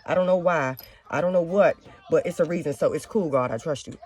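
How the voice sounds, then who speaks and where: A young woman talks fast and straight into the camera at home, hosting her own show. She lectures her listeners in a blunt, preachy way, swearing freely as she goes. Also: low voice, darkish tone. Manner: blunt, heavy cursing, preachy. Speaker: talk show host. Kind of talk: casual monologue to viewers. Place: home with children nearby.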